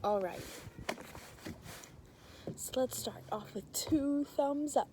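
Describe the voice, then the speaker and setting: A woman's voice: sits high, takes it slowly, warm tone, a little hiss or hum. A woman teaching a children's scripture lesson, upbeat and encouraging as she talks to the kids.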